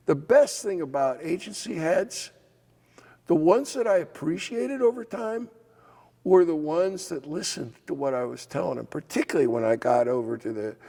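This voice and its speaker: An older man, a former legislator and state official, telling anecdotes in an oral history interview with a gravelly voice. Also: fairly high pitch. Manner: animated anecdotes with acted quotes and laughs. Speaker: former legislator and assistant insurance commissioner. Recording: hall reverb.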